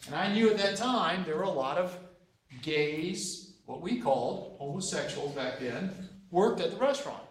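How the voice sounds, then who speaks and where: A man's voice: a little high, expressive, moderate pace, echoey room. A man in his fifties teaching a class of cadets, folksy and repetitive, acting out bits of dialogue in his stories. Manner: folksy, repeats himself, acts out dialogue. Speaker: JROTC instructor. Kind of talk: classroom lecture with anecdotes.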